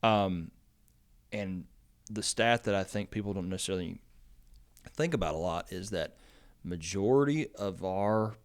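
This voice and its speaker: A man with a fairly low voice hosts a casual agriculture podcast. He rambles through stories with plenty of "you know" and "um", and his voice lifts when he gets excited. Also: measured pace, long pauses, smooth. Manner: rambling storyteller, lots of fillers, animated when excited. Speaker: extension agent podcast host.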